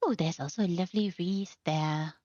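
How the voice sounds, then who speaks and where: A woman's voice: on the low side, moderate pace, dark tone, no room sound. A woman hosting a game housing showcase, talking over a gameplay tour in a gushing, affectionate, admiring way. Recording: slightly muffled, faint music behind.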